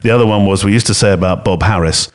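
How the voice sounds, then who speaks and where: A man co-hosting a podcast in an echoey home studio room, talking in a chatty, rambling way with a smooth, velvety voice and frequent laughter. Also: on the low side, fast talker. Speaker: podcast co-host. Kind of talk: casual podcast chat. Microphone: podcast mixing desk microphone.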